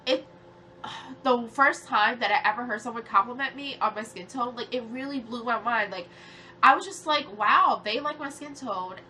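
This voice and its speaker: A nasal young woman in her twenties, close to tears, venting heatedly to her camera. Her voice is bright and a little high for a woman, full of swearing and restless filler words. A faint hiss sits under the recording. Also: normal speed. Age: 20s. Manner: heated, swearing, rambling with many "like"s. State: tearful. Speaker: vlogger. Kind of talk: emotional rant to camera.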